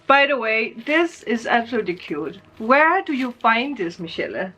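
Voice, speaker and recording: A woman's voice: a little high, animated, normal speed, few pauses, fairly bright tone, husky, lo-fi sound, faint music behind. A woman vlogger chatting casually through an unboxing, emotional and laughing often.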